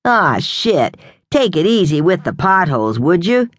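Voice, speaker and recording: A woman's voice: fairly low pitch, big pitch swings, unhurried, dry recording. A woman reading the lines of a crude, dim-witted young male police officer with a whiny, needling manner.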